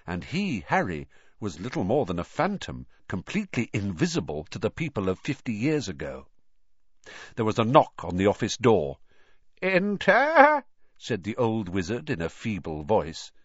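A man narrating a storybook in an expressive reading style. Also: medium pitch, breathy edge, no echo. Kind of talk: audiobook narration. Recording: dull, dry recording.

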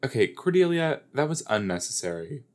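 A man's voice: medium pitch, sing-song, fairly quick, a little mellow. A man hosting a casual watch-along podcast, talking playfully to his listeners. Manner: playful, giggly, talks to listeners as "you guys". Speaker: podcast host.

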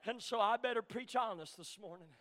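A man preaching a sermon, his voice unusually high-pitched and bright. He roars through the shouted passages, then drops low into quiet stories, calling out congregation members by name in a rolling preacher cadence. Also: measured pace. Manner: fiery preaching that swings between shouted climaxes and quiet storytelling. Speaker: pastor.

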